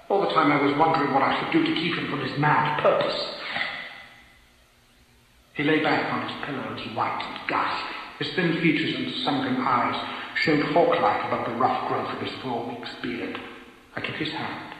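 A man's voice: medium pitch, fairly bright tone. Man narrating a gothic tale, echoey. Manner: measured, grave storytelling. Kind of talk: dramatic reading of a gothic tale. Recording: echoey reverberant room.

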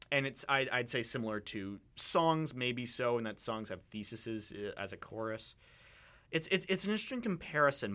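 A man's voice: on the low side, fairly bright tone. A young man co-hosting a radio talk show, thinking aloud in a rambling way with many fillers and restarts. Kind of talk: casual discussion.

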